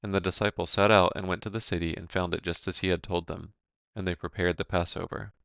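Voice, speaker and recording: A man giving a measured, even reading of Bible scripture, announcing each section heading. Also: deep voice, creaky, clear, resonant tone, no room sound, muffled recording. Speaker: scripture reader.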